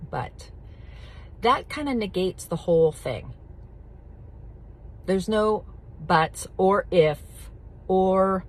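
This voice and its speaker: A middle-aged woman coaching addiction recovery, talking bluntly and directly, with emphatic repetition and casual swearing. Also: medium pitch. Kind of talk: casual teaching talk to camera.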